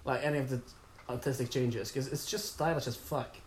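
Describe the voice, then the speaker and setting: A man's voice: medium pitch, steady tone, brisk. A man co-hosting a casual comic review, joking sarcastically and swearing often. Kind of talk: casual chat.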